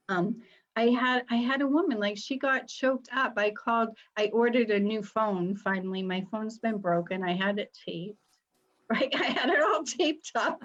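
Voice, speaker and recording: A woman's voice: medium pitch, dull audio. A middle-aged woman hosting a live online panel, talking in an upbeat, chatty way about spiritual ideas. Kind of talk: casual panel talk.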